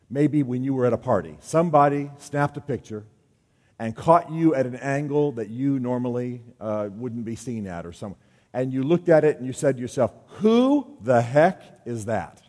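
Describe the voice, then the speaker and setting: A man addresses a room of men in a casual, joking way, slipping into the voices of people he quotes. His voice sits at an ordinary pitch. The sound rings with the long reverb of a large hall. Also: dark tone. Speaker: speaker at a men's gathering. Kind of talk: talk to a men's group.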